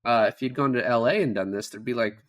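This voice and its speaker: In a relaxed film-review chat on a podcast, a male co-host with a medium-pitched voice talks fast, cursing freely and performing lines from the movie's scenes.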